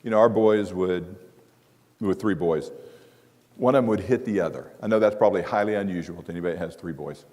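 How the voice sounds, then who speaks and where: A man's voice: deep voice, fast, a little mellow. A middle-aged man preaching a sermon on marriage to a church congregation, telling stories with humor. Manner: conversational storytelling with humor. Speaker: guest preacher. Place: church sanctuary. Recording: long hall reverb.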